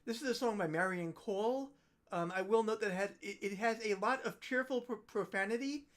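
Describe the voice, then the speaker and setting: A woman hosting a holiday livestream, chatting casually between songs in a rambling, self-deprecating way that trails off quietly. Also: medium pitch, brisk. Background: ukulele playing.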